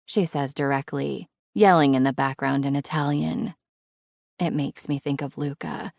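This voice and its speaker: A woman's voice: sits low, steady tone, unhurried, creaky, darkish tone, no echo, clean studio sound. A woman narrating a romance audiobook in first person, wry and conversational.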